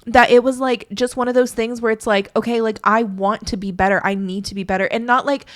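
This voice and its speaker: A woman's voice: on the high side, fairly even intonation, a little fast. A woman in her late twenties co-hosting a podcast, telling a candid personal story in casual chat, full of "like" and restarts. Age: 20s. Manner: candid, filler-heavy storytelling with frequent "like". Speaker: podcast co-host.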